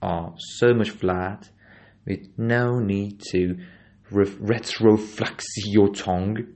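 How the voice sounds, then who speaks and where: A man's voice: lowish voice, fairly even intonation, slow, a little mellow. A man hosting a solo podcast pronunciation lesson, talking hesitantly and repeating example words over and over to demonstrate. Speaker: podcast host teaching pronunciation.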